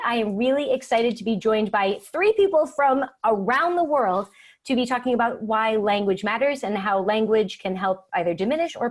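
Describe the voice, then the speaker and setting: A woman hosting a video call chat with a playful, joking manner. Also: fairly high pitch. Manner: playful and jokey. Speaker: host.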